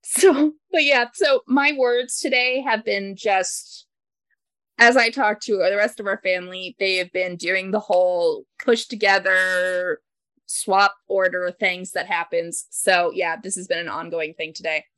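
A woman co-hosting a casual chat, retelling a story in a chatty way with laughter and halting restarts. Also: mid-range voice, fairly even intonation, a bit bright, no room sound. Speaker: podcast co-host.

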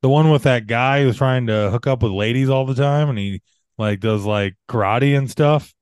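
Chill guy cohosting a podcast, smooth clear voice, dry jokes, lots of uhs, dead dry sound. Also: medium pitch, moderate pace, darkish tone, dry recording. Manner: laid-back, dry joking, lots of "uh". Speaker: podcast co-host. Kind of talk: casual chat.

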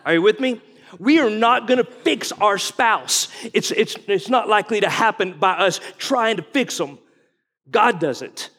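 A husky, high-pitched and slightly bright voice belongs to a guest pastor in his forties, who speaks unhurriedly with lively intonation. His sermon is homespun and conversational, full of questions for the congregation, echoing with long reverb in a large hall.

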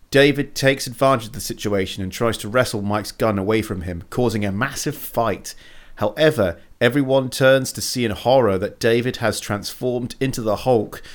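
A man co-hosting a podcast, reading out a plot summary and chatting casually, voice jumping higher when excited. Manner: animated, jumps higher when excited or joking. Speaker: podcast co-host.

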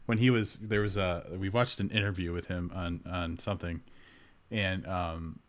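Podcast host guy, fairly low voice, rambly, laughs a lot. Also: steady tone, normal speed. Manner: laughing, rambling and searching for words. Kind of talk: casual chat.

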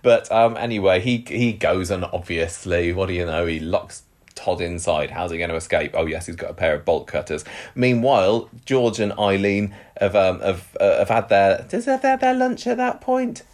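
A man talking in a relaxed, wry way as he recaps a soap episode for a co-host, often pausing on ums and uhs. His voice sits on the low side and he rambles through the story. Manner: rambling, wry, hesitant with many fillers. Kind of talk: casual chat.

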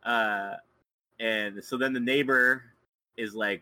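A man with a lowish but bright, forward voice walks through a film's plot in casual podcast chat. He chuckles often as he goes. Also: fairly even intonation, takes it slowly, no room sound, rough recording. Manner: chuckles often while recounting scenes. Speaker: podcast guest.

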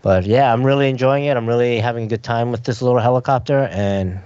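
A man's voice: medium pitch, fast, a little mellow, clean tone, dry recording, dull audio. A man hosting a podcast in casual chat, talking in a rambling way full of fillers. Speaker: podcast host.

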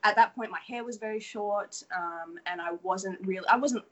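A woman's voice: mid-range voice, moderate pace, low-quality recording. An Australian woman in her thirties, a model, talking candidly and energetically as a podcast guest. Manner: energetic, candid, swears casually. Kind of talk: casual interview chat.

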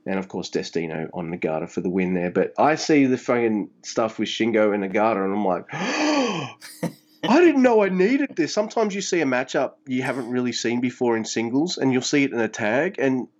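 A man co-hosting a casual podcast, talking fast and animated with plenty of swearing. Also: mid-range voice, lo-fi sound. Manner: animated, swearing, mock-voices for quotes. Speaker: podcast co-host. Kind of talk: casual wrestling chat.

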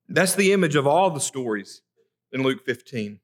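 Speaking at normal speed with lively intonation, a man preaches a conversational church sermon, reading scripture earnestly and frequently tripping over and repeating his opening words. He is a pastor with a mid-range, slightly bright voice.

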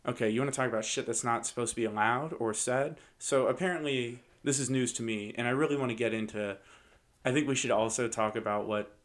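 A young man hosting a comedy podcast, telling stories in an animated, casual way with swearing and laughs. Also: mid-range voice, fast.

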